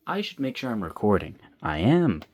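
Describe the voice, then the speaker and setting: A man's voice: on the low side, big pitch swings, moderate pace, darkish tone, slightly rough. Young man rambling while drawing. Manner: rambling, self-talking, playful. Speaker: vlogger drawing. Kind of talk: casual drawing commentary. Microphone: phone.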